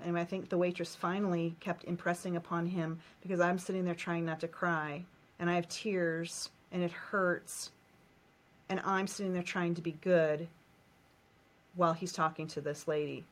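Emotional woman retelling a painful memory. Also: lowish voice. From United States. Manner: emotional, repetitive, recounts childhood pain in short phrases. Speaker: guest. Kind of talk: personal storytelling in a coaching session.

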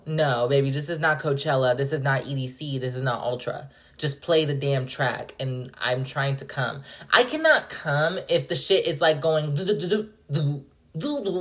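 A young woman hosting a podcast, rambling and cursing in an animated, casual rant. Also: low voice. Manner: profane, animated, rambling with frequent "like". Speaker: podcast host.

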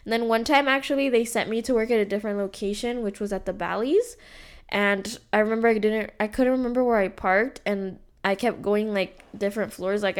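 A woman's voice: medium pitch, smooth. A young woman co-hosting a podcast, telling a story in casual chat, filled with "like" and the odd Spanish phrase. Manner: rambling anecdotes full of "like", slips into Spanish phrases. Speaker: podcast co-host.

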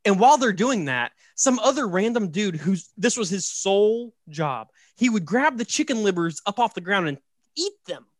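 At a moderate pace, a fairly high-voiced male podcast host jokes his way through a story in lively, casual chat, checking in with "right?" and leaning on "like." The sound is close and dry with no room sound.

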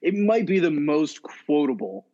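A man co-hosting a podcast in casual chat, relaxed, swearing freely and asking questions. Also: fairly high pitch, measured pace. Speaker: podcast co-host. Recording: dull lo-fi audio.

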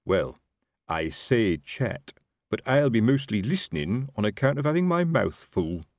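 A man's voice: lowish voice, big pitch swings, unhurried, a little mellow, dry recording, studio quality. A man voicing a blustering, self-important middle-aged sergeant in an audiobook, with a raised, wheedling voice. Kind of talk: audiobook character voice.

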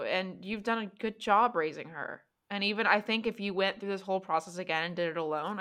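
A woman voices a weary woman monster hunter in a tabletop game, full of old regrets. She talks in halting, hesitant starts, and her voice has a bright, tense edge. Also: lowish voice. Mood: earnest.

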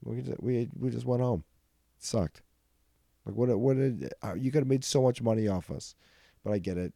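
Young man, deep voice, mellow tone, dry close sound, casual profane storytelling. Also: no room sound. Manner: rambling, profane, laughs often. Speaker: podcast host.

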